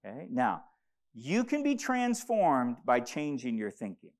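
A man's voice: medium pitch, wildly swooping pitch, measured pace. Preacher guy giving a sermon, voice swings up and down a lot, stumbles and repeats himself, gets the crowd to say lines back. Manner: stammers and repeats words, has the congregation repeat verses aloud. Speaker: pastor.

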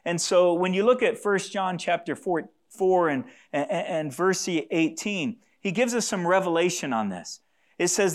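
A pastor delivers an earnest sermon in a fairly high male voice. He leans on repetition, circling back to key phrases, and invites the congregation to say lines aloud with him. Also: expressive, a little slow.

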